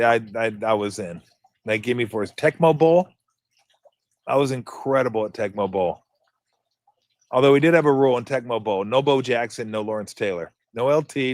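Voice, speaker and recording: A man's voice: medium pitch, no echo. A man in his fifties hosting a casual sports radio show, telling stories and imitating toy game beeps and buzzes. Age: 50s. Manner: animated storytelling, mimics game sound effects.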